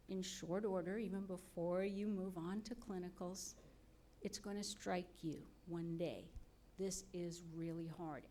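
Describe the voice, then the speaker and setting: A woman's voice: mid-range voice, warm tone, slight background noise. A woman on the medical school faculty giving an earnest, motivational ceremony speech into a podium mic, putting questions to the audience.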